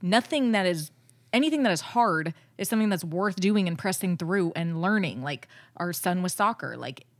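A woman, a pastor and co-host, chatting in an animated, friendly way. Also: lowish voice, normal speed, no echo, studio quality. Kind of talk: casual podcast talk.

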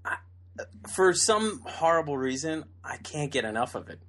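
A man's voice: on the high side, big pitch swings, moderate pace, a bit bright. Podcast co-host guy, dry sarcastic jokes, laughs a lot. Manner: dry, teasing, laughs often. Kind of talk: casual chat.

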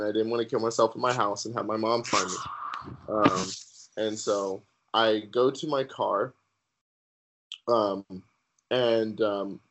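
A man guest on a podcast sharing his personal faith testimony in an earnest, halting way with many fillers. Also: lowish voice, a bit bright, poor audio.

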